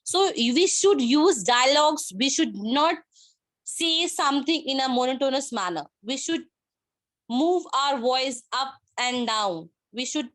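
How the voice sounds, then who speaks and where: A woman's voice: high-pitched, animated, unhurried, fairly bright tone. A woman with an Indian English accent giving a workshop presentation on speaking skills over a video call, in simple words, repeating her key points with emphasis.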